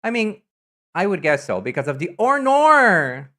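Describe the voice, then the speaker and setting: A woman streamer in casual live-stream chat, talkative and teasing, answering chat messages with sudden high, loud exclamations. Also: big pitch swings, unhurried. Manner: chatty, reacts to chat messages with loud teasing jumps in pitch.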